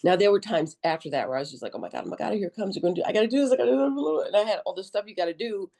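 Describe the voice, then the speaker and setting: A middle-aged woman as a podcast guest, telling her story in a lively, joking, colloquial way and acting out her own quotes. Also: medium pitch, very fast. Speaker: podcast guest, army veteran nurse. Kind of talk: conversational interview storytelling.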